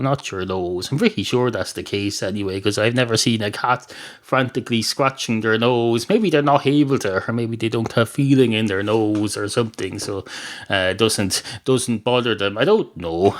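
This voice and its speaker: A chatty talking tomcat from an absurd comic tale, pedantic and a little scheming, put on by an Irish man. He meanders through his reasoning with many fillers and restarts, at an ordinary, middling pitch. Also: close to an everyday voice. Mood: rambling. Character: rambling talking male cat, pedantic and scheming.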